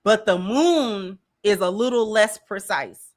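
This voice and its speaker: A woman hosting a commentary channel, talking in a slow, deliberate and emphatic way as she reacts to a clip. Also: mid-range voice.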